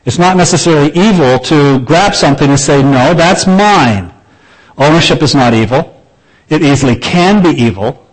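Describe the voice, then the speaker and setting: A man preaching a sermon, in a measured way that slows down to stress key phrases and now and then drops in a dry aside. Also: fairly high pitch, low-quality recording. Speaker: pastor.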